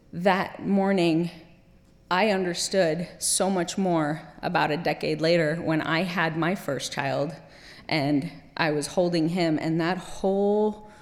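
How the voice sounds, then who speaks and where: Woman storyteller with long hall reverb. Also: lowish voice. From Kuwait. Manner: lively, wry, laughs at her own story, turns quiet and grave. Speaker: speaker telling a personal story. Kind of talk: storytelling talk on stage.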